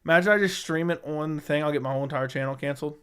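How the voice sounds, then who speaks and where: A man's voice: a little high, rapid-fire, a bit bright, clear, resonant tone. A man hosting a casual livestream, reading viewer comments and answering bluntly, often swearing and repeating himself. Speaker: MMA livestream host. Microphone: studio dynamic microphone.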